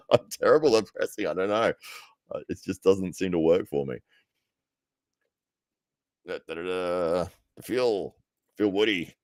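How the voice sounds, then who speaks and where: A young man hosts a live stream, chatting loosely and laughing at himself between viewer comments. His voice sits very low. The sound is dry and close, with no room echo. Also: darkish tone. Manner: chatty, laughs often, self-deprecating. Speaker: livestream host. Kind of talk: casual live-stream chat reading comments.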